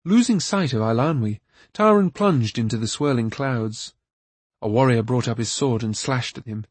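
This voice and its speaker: A man narrating a fantasy novel aloud in a steady, even storytelling manner. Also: medium pitch, normal speed, slightly rough, dry recording. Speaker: audiobook narrator. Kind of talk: scripted narration.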